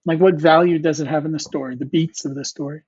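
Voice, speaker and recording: Husky man telling studio stories. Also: on the high side, fairly even intonation, fast talker, a little mellow, no room sound. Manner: rambling, many fillers and restarts, quotes mentors. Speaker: comic artist guest. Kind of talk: casual interview storytelling. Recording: dull, slightly lo-fi dry sound.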